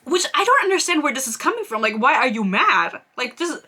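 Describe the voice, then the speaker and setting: A woman's voice: sits high, very animated, fairly quick, bright, forceful tone. A young woman giving a rambling, sarcastic book review in a casual vlog, swearing freely.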